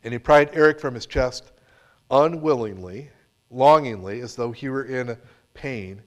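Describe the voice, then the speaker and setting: A man's voice: medium pitch, unhurried. A man preaching a sermon, reading a story with dramatic swings from full voice down to near-whispers. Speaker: pastor.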